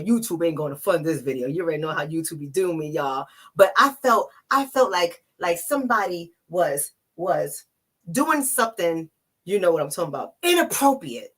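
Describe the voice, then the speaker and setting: A woman from the Bronx speaks straight to her viewers with a husky, slightly breathy voice. Her pitch swings widely as she presses her points home, emphatic and personal. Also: a bit bright. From the Bronx, New York. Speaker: relationship coach. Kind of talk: emotional vlog to camera.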